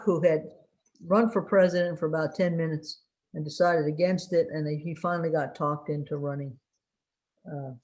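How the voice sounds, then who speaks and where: Halting, wry woman commentator. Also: sits low. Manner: halting, frequent fillers while recalling names; dry, wry asides. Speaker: political commentator. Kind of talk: unscripted election briefing.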